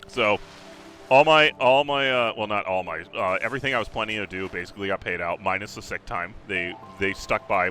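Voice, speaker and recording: Male host, sick with covid, loose profane storyteller over a game, bright voice, faint music behind. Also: lowish voice, moderate pace. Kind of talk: casual chat while gaming.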